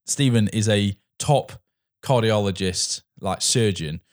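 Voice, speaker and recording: A man's voice: on the low side, slow pace. Chatty man reviewing a film. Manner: rambling, restarts, acts out quoted dialogue. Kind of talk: casual film review chat.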